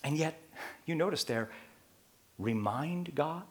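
A man preaching a sermon, dropping to near-whispers and rising to fervent shouts, often asking the listeners rhetorical questions. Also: mid-range voice, animated, unhurried. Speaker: pastor.

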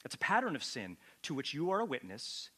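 Guy preaching a sermon, bright tone, gets loud and emphatic, asks the room questions. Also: fairly high pitch, huge pitch swings, a little fast, slightly rough. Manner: emphatic, rises to loud peaks on key points; addresses listeners directly with questions. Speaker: pastor. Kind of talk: sermon teaching.

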